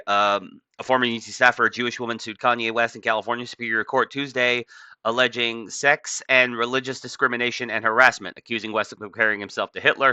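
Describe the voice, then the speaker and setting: A man's voice: on the low side, bright, forceful tone, no room sound. Offhand man rambling over a dull mic. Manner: offhand, rambling, many fillers. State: just woken up. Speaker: commentator. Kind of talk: casual commentary reading a news article aloud.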